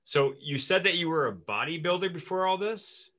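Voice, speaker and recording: A man's voice: fairly high pitch, expressive, moderate pace, bright, forceful tone. A man hosting an interview, asking attentive, encouraging questions. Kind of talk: podcast interview.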